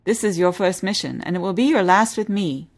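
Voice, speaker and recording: A woman's voice: medium pitch, expressive, a little fast. A woman voicing a stern male ship's commander and spy who speaks in icy, clipped tones.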